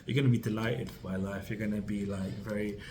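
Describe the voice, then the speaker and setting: Low, flat-voiced man giving a tarot reading. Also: a little fast, rough recording. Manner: rambling, full of fillers and restarts; reassuring, speaks directly to the listener. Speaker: tarot reader.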